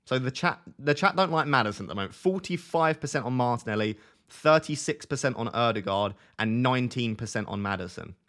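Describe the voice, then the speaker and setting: A man's voice: medium pitch, lively intonation, brisk, a bit bright. A young man chatting casually on a live stream, joking and laughing at himself as he talks to his viewers. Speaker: fantasy football streamer.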